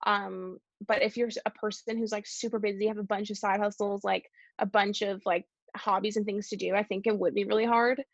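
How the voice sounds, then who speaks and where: A young woman from Canada talks casually as a podcast guest, filling her sentences with "like." Her voice has a gravelly edge. The recording is dry and somewhat dull and lo-fi. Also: mid-range voice, little pitch movement, brisk, hardly any pauses, no echo. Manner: chatty, lots of "like" fillers. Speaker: guest, YouTuber. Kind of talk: casual interview chat.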